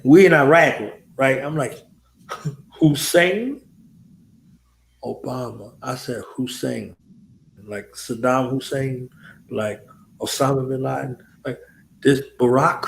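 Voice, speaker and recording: A man hosting a casual chat, telling animated, boastful and profane stories and acting out the people he quotes. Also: medium pitch, slow, creaky, pauses often, roomy sound, slight background noise. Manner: animated storytelling, acts out quoted voices. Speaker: host.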